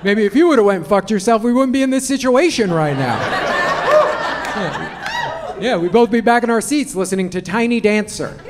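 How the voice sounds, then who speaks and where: A man's voice: high voice, very animated, moderate pace, over a noisy crowd. A man doing a stand-up comedy set on stage, brash and profane, telling punchy stories into a handheld mic. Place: comedy club stage before a laughing audience. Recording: noisy live club recording. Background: audience laughter.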